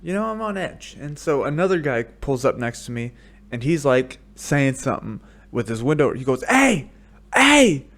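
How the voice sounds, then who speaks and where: An American man hosting a podcast, telling rambling comedic stories full of swearing that break into shouted rants, speaking into a studio microphone. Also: medium pitch, moderate pace. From United States. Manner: profane, rambling storytelling that bursts into shouted rants. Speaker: podcast host. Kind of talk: solo comedic monologue.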